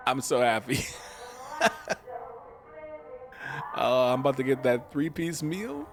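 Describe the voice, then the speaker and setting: A man's voice: mid-range voice, very animated, slow, over music. A man casually commenting while streaming a video game, joking and laughing often. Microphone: desk mic with webcam.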